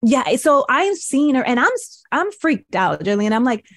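A woman's voice: high voice, sing-song, unhurried, hardly any pauses, no room sound, clean studio sound. A woman, a podcast guest and breathwork mentor, telling her life story in a casual interview and acting out her past thoughts as quotes.

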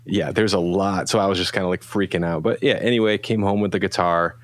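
A man's voice: sits low, fairly even intonation, quick pace, no room sound, studio quality. A middle-aged man, a guest, telling a rambling casual story and acting out quoted lines. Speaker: guest, pedal company founder.

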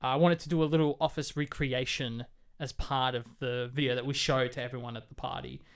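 A man co-hosting a film podcast in casual chat, telling stories with animated delivery. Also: medium pitch, brisk, clear, resonant tone. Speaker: podcast co-host.

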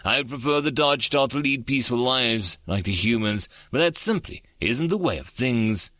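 A man's voice: medium pitch, expressive, normal speed, pushed and bright, dry recording. A man voicing a proud, resolute female alien matriarch who speaks solemnly.

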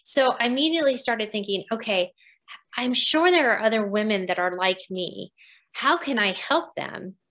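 Animated woman in her fifties. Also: fairly high pitch, normal speed. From United States. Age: 50s. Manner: animated, laughs often, acts out quoted dialogue. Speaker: podcast guest. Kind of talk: casual interview storytelling.

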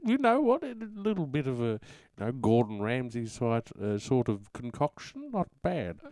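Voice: mid-range voice, very animated, normal speed, a little mellow, dry recording. A podcast host doing a jokey, rambling radio-host bit in an improvised comedy sketch.

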